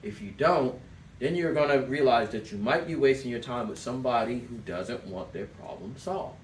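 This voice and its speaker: A sales trainer teaches a class, giving direct instructions and telling listeners to write things down in this sales coaching talk. His voice is medium in pitch and pace. The room is echoey, the mic distant, with a little hiss or hum.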